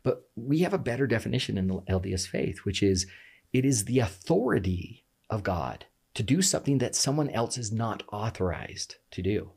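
Man, low husky voice, very animated delivery, passionate conversational explainer. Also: normal speed. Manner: passionate, emphatic, fond of rhetorical "right?". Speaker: guest explaining scripture.

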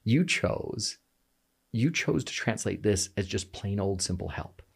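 With a lowish, slightly rough voice touched by vocal fry, a podcast guest speaks a little slowly but animatedly. He unpacks a scripture text with passion and emphasis, often breaking off to restart sentences.

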